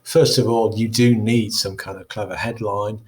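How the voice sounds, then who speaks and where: Lower-voiced male teacher explaining calmly. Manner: measured, explanatory, with frequent fillers. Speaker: English teacher. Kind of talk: recorded lesson walkthrough.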